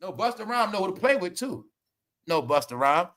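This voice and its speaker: Animated man hosting gossip commentary. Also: high voice, a little fast. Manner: animated, mocking, laughs often, addresses viewers as y'all. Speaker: commentary show host.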